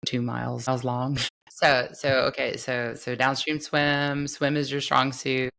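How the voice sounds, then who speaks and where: A middle-aged woman hosts a casual podcast with a hoarse, gravelly fry in her voice. She rambles and laughs easily while chatting with her guests. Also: very deep voice, little pitch movement, a little slow, fairly bright tone. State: hoarse from a lost voice. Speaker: podcast host and triathlon coach.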